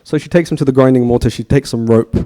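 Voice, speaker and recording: Mellow-voiced guy telling a story at a temple talk, chatty, keeps asking the crowd questions. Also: mid-range voice, quick pace. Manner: chatty, asks the audience questions. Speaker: speaker giving a temple talk. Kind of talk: storytelling sermon.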